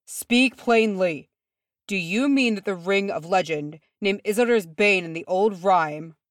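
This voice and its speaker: A stout old dwarf man, breathless and wheezing, his voice lifted a little high as a woman reads him. The sound is dry and close, with no room around it. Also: unhurried, dry recording, close to an everyday voice. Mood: demanding. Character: stout older male dwarf, frightened and gasping.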